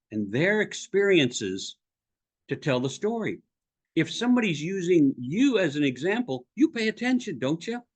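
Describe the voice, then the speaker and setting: Middle-aged male speaking coach, husky and lively, punchy and emphatic, fond of direct questions. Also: a little high. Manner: animated, emphatic, asks the viewer questions. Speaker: presentation coach. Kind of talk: direct-to-camera advice talk.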